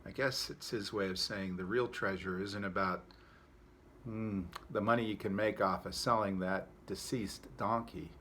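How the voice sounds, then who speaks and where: A pastor giving a devotional talk, telling a folksy story and then reflecting on it in a relaxed, conversational way. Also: male voice, lowish voice, normal speed, a little hiss or hum.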